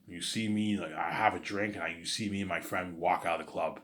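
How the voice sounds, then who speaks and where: Male vlogger, low-pitched, rapid and rambling, crude, stumbles and restarts often. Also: steady tone, a bit bright. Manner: rambling, profane, keeps saying "you know what I'm saying". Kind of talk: casual storytelling.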